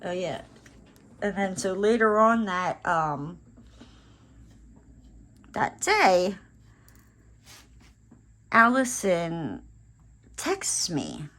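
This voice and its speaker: A woman's voice: on the low side, huge pitch swings, extremely slow, long pauses, fairly bright tone. A woman telling a rambling story in casual chat while she crafts at home, full of fillers and restarts. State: briefly out of breath after running downstairs. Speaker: crafting vlogger.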